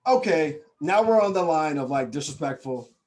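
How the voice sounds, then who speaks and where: A man in his thirties from Nebraska leads a webinar in an animated storytelling way, his voice sitting a little high for a man. He keeps turning to the audience with "right?" and calls them y'all. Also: moderate pace. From Nebraska, USA. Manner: lively storytelling, acts out quoted people with high excited voices. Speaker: motivational speaker. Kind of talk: webinar talk.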